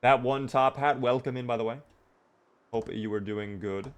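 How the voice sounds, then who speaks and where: A man's voice: mid-range voice, moderate pace, smooth. A man streaming a video game live, chatting upbeat with his viewers as he plays. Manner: upbeat, chatty, talks to himself and chat.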